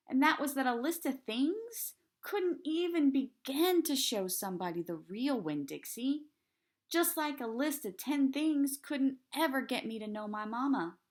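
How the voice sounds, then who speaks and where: A teacher reading a children's chapter book aloud in a calm, steady storytelling voice. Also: female voice, a little high.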